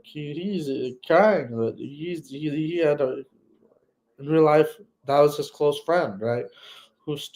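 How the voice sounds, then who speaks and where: A man hosting a casual solo livestream, talking in a soft, somber, hesitant way and searching for words. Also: mid-range voice, low-quality recording. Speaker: livestream host.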